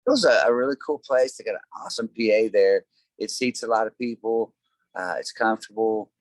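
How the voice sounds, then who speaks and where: Chatting casually as an interview guest, a man who sings in a tribute band tells meandering stories full of filler words. He has a lowish voice and talks a little fast, on a rough recording with no room sound.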